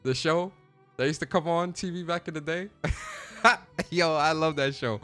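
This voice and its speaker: A man's voice: a little high, fairly quick, a bit bright, smooth, soft background music. A man hosting a casual livestream chat, talking in a chatty, slangy way and reacting to viewers. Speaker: podcast host.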